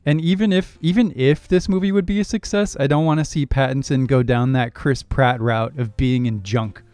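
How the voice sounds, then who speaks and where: A young man co-hosting a casual movie podcast, opinionated and quick to laugh. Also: medium pitch, fairly even intonation, darkish tone, clear, resonant tone, no room sound. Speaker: podcast co-host.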